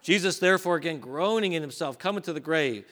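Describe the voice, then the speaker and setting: Bright-voiced preacher man. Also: a little high, expressive, quick pace. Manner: reads scripture aloud with rising emphasis, then drops to a quiet aside. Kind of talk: sermon reading and explaining scripture.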